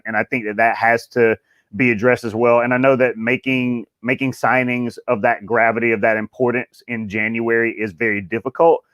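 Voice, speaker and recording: A male caller gives his views in an earnest, considered way, often restarting his phrases. His voice sits at a middle pitch. The sound is dry and close. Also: a bit bright, no echo.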